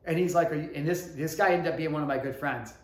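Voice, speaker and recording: A man's voice: fairly high pitch, fast talker. Fervent man telling a story in an echoey room. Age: 30s. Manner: earnest, swings from hushed to fervent, addresses viewers directly. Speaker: motivational vlogger. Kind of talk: emotional motivational storytelling.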